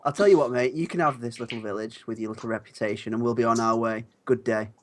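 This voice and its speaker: A man's voice: mid-range voice, steady tone, quick pace, background noise, natural voice. A man voicing a stubborn, sarcastic male adventurer in a tabletop game.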